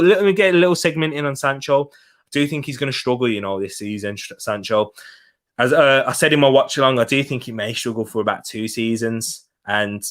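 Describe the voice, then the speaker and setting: A young man casually hosts a football live stream in a medium-pitched, fairly bright voice. Chatty, he reads viewer comments and hypes people up to like the video.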